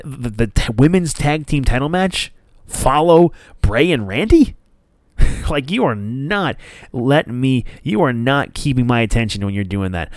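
A man's voice: mid-range voice, no echo, studio quality. A man hosting a podcast, ranting in a casual, profane, rambling way. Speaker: podcast host.

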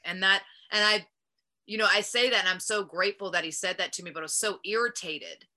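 Bright-voiced woman telling stories animatedly. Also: medium pitch, a little fast. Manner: animated, frequent "like", acts out her past self. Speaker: wrestler and guest. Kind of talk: casual interview storytelling.

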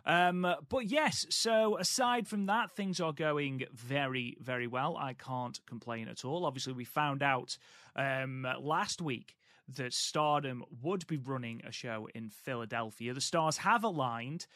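Man, podcast co-host, bright tone, lively anecdotal delivery, dry close recording. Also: mid-range voice, unhurried, no echo. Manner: chatty, animated storytelling with self-deprecating humor. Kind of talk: casual podcast chat.

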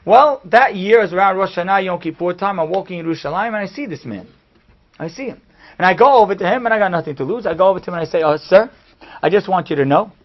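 A man giving a storytelling sermon, animated and acting out the people he quotes, in a dull lo-fi recording. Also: high voice, racing. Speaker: speaker giving a talk.

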